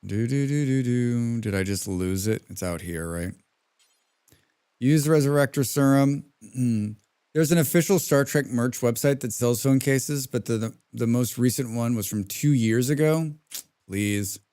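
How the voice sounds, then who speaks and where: A man's voice: medium pitch, unhurried, mellow, clean tone. A man streaming a colony game live, chatting casually and ranting to his viewers while he plays. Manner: chatty, ranting, reads out chat names.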